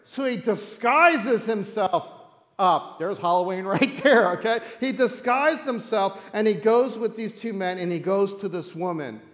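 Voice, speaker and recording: A high-voiced male pastor tells a scripture story like a campfire tale, playful and animated, often laughing. His voice carries a long reverb from a large hall. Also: measured pace.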